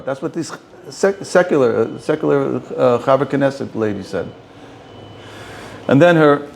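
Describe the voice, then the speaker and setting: A man, a rabbi, giving an informal talk to a small group, often repeating and restarting words. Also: a little high.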